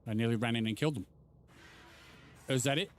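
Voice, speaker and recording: A man streaming a game playthrough, talking casually in a joking, excitable way. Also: mid-range voice, brisk, slight background noise. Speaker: gaming streamer. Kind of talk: casual let's play commentary.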